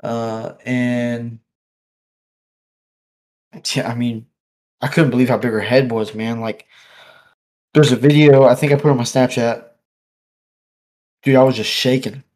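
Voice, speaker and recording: A man swapping fishing stories in an easygoing chat, his voice sitting at an ordinary middle pitch. He talks in an animated, rambling way, full of "like" and "dude", and he laughs often. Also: measured pace, long pauses. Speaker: podcast guest angler. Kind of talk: casual storytelling chat. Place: office.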